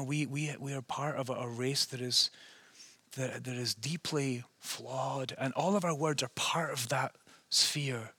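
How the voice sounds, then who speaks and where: A man from Scotland with a softened Scottish accent that is partly American, preaching an earnest, conversational sermon and asking his listeners rhetorical questions. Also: medium pitch, slightly rough, dry recording. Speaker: pastor.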